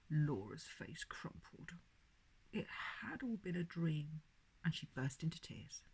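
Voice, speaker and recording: A woman reading a bedtime story aloud with a lively, expressive manner. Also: low-pitched, slow, gravelly, breathy edge, poor audio.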